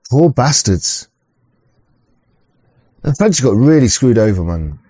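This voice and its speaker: A man's voice: lowish voice, expressive, a little slow, warm tone, breathy edge, no room sound. A man hosting an online show, talking in a crude, rambling way, swearing often and stumbling over restarts. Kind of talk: rambling casual monologue. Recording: dull lo-fi recording.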